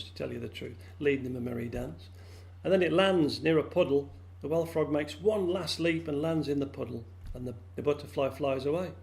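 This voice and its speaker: A man telling a folk tale to friends over a video call, lively and animated, jumping into high squeaky voices for the characters. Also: gravelly. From England. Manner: lively, acts out frog voices with big pitch jumps. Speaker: storyteller.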